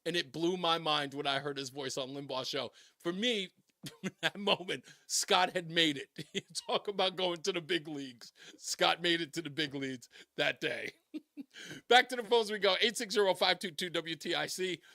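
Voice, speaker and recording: A man's voice: a little high, normal speed, gravelly, bright, forceful tone, no room sound, clean studio sound. A man hosting a call-in radio talk show, telling rambling stories and laughing often.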